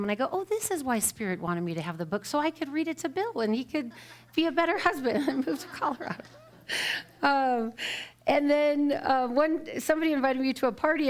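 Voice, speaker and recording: Animated woman minister telling her story. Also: fairly high pitch. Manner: animated, acts out quoted voices with laughter. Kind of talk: storytelling sermon. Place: church sanctuary, live.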